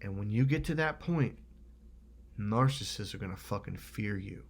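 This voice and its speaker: Lively-voiced middle-aged man vlogging. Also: fairly low pitch, normal speed, gravelly, breathy edge. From Northern California. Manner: animated, swears freely, acts out other people's lines. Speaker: self-help vlogger. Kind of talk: casual motivational monologue.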